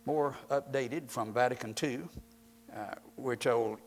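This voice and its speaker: A man preaching a sermon, emphatic and rising in force on repeated points, quoting scripture at a slower, measured pace. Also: medium pitch.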